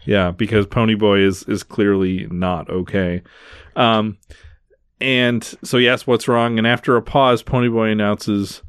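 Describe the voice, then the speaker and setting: A man's voice: fairly low pitch, flat delivery, normal speed, smooth, no room sound, studio quality. A man hosting a podcast, talking through a movie scene by scene in a casual way with lots of fillers. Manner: recaps scenes in detail, many fillers. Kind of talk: casual film discussion.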